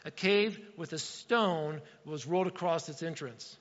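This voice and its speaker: A middle-aged man preaching a sermon as pastor of a church, with sudden loud bursts and dramatic quoted voices. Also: on the high side, lively intonation, normal speed. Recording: dull, reverberant church hall.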